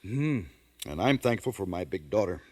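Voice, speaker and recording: An actor playing a stern, teasing middle-aged father in a 1950s radio drama, measured and firm. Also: low-pitched, very animated, darkish tone. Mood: fond.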